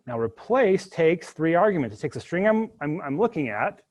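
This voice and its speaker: A man teaching a coding class live, thinking aloud as he works through each step. His slightly high voice has a husky edge. His pitch swings widely as he cracks jokes along the way. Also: moderate pace. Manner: animated, jokey asides while working through code. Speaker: university instructor.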